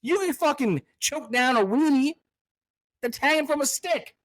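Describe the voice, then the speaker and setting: Animated, profane male podcast host. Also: very high voice, moderate pace, no room sound. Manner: profane, loud, swings from angry ranting to hyped cheer. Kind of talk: casual podcast chat.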